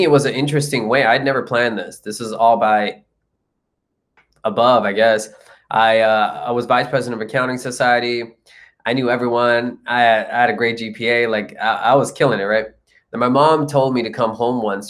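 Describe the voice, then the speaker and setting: A young man from India tells a story as a guest in a relaxed interview. His voice sits at an everyday middle pitch, and he talks in an animated way, jumping into the voices of the people in his story. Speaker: guest, comedian and actor.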